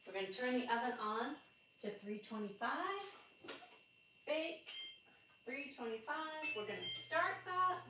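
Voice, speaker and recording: A woman's voice: high voice, lively intonation, a little slow, pauses often. Chatty woman cooking live, echoey and distant. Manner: chatty, narrating each step, laughing at small slips. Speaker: livestream cooking host. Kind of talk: casual live cooking chat. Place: home kitchen. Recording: echoey room, far from the mic, audible noise.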